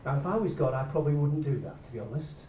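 Guy preaching, voice jumps all over, loud then hushed, roomy echo, a bit off mic. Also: fairly high pitch, quick pace, far from the mic, slight background noise. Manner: animated, shifting between loud bursts and hushed soft lines. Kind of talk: sermon. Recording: echoey room, speaker away from the mic.

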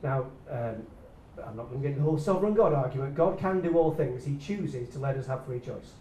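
A man preaching a sermon, swinging between loud excited bursts and quiet hushed lines. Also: mid-range voice, a little fast, distant mic, slight background noise. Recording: echoey room, speaker away from the mic.

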